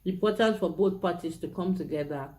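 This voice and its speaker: A woman's voice: lowish voice, fairly quick, warm tone. Woman co-host summing up advice. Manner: affirming, reads questions, sums up points. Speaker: co-host of a marriage Q&A show. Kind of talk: relaxed advice talk.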